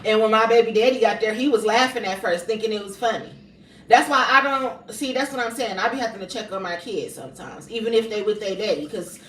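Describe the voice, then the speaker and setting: A high-voiced woman tells a furious story about her son, swearing freely and circling back to her points. She sits well back from the mic, so the sound is roomy and echoey. A faint hum of background noise runs underneath. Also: brisk, fairly bright tone, far from the mic. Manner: profane, fired up, repeats herself for emphasis. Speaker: mother telling a story on a livestream. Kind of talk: heated storytelling rant.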